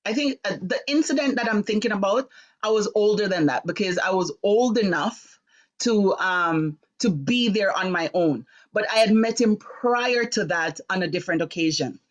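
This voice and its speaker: Animated woman telling a personal story. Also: medium pitch. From Jamaica. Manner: animated, acts out voices in quotes, rising to sharp indignation. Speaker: host of a live talk show. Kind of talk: personal storytelling on a live stream.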